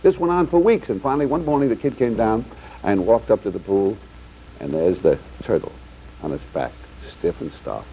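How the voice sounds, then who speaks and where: A man's voice: fairly low pitch, expressive, normal speed, dark tone. A man telling a long joke on a 1960s comedy panel show, rambling with restarts. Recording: dull, slightly noisy 1960s TV sound.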